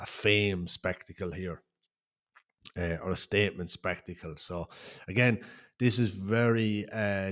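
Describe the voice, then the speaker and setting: A man hosting a true crime channel, talking casually through news headlines with many fillers and blunt reactions. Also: lowish voice.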